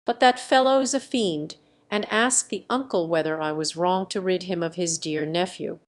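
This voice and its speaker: A woman voicing a cool but hot-tempered male musketeer in an audiobook, speaking in a sharp, impatient way. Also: lowish voice, moderate pace, lightly acted. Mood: tense.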